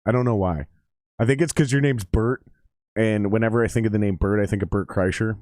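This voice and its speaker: A man's voice: lowish voice, fairly quick, a little mellow, no room sound, studio quality. A man in his forties giving casual, profane live-stream commentary on a football game and chatting with his viewers.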